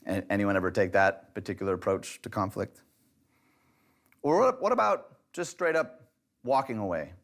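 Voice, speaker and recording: A man's voice: on the low side, expressive, normal speed, creaky. A man leading a church relationship class, speaking in a direct, conversational and lightly humorous way. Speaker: pastor teaching a relationship class. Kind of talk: church teaching video.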